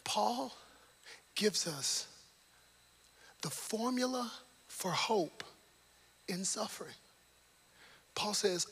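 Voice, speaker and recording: A man preaching a sermon, animated and lively, swinging between loud emphatic lines and hushed, near-whispered passages. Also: fairly high pitch, takes it slowly, pauses often, slightly rough.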